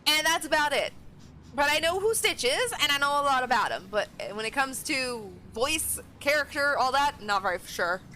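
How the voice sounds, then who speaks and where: Lively woman streamer over noisy audio. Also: sits high, moderate pace. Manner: chatty, reads game dialogue aloud. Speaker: game streamer. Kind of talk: casual gameplay commentary.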